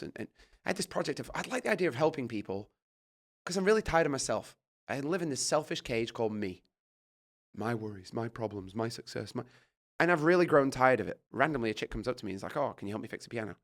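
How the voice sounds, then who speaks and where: A middle-aged British guest tells a story in casual conversation, swearing and animated as he acts out his own reactions. His pitch is medium and he talks fast.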